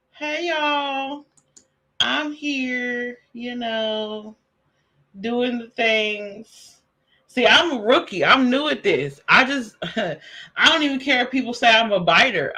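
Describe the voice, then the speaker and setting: A man streaming casual commentary, relaxed and slangy, laughing often as he reacts to a clip. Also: high voice. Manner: laid-back, laughing, slangy banter. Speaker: streamer reviewing a live stream.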